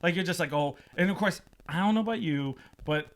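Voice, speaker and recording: A man's voice: a little high, a little fast. A man hosting a podcast, telling a funny story in a casual way. He laughs often and acts out the voices of the people in it. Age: adult, past twenties. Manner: animated, laughing often, acting out quoted voices. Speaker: podcast host.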